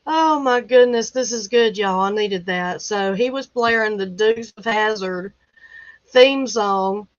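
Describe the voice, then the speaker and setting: A woman's voice: medium pitch, measured pace, no echo, muffled recording. A woman hosting a casual livestream, reading news headlines aloud with lots of laughter and folksy exclamations. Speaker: livestream host. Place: rural home.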